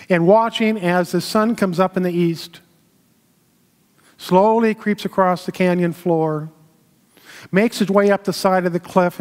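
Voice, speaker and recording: A man with a slightly high voice delivers a sermon in a slow, measured way, pausing often as he tells a story. His words ring out with a long reverb, as if spoken in a temple sanctuary. He leads the congregation as their minister.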